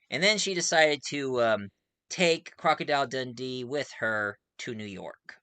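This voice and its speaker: A man's voice: mid-range voice, takes it slowly, pushed and bright, no room sound. A man reviewing a movie in a casual, rambling way, full of fillers and frequent chuckles.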